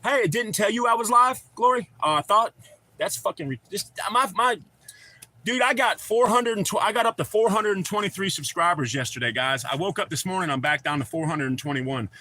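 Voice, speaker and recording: A high-voiced man hosts a casual livestream, expressive and a little fast with a sharp tone and no echo. He tells long rambling stories, swears freely, reads chat aloud, and addresses viewers as brother.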